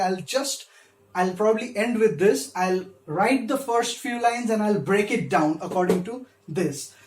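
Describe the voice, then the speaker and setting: A man who gives a literature lecture, patiently explaining step by step and stressing syllables when he demonstrates them. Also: high voice. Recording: echoey room.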